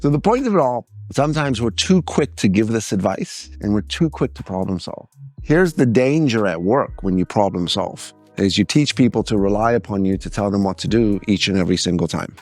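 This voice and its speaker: Animated man telling stories on stage. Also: on the low side, fairly quick, no echo. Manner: animated storyteller, mimics other voices. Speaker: speaker. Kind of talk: seminar talk with acted-out anecdotes.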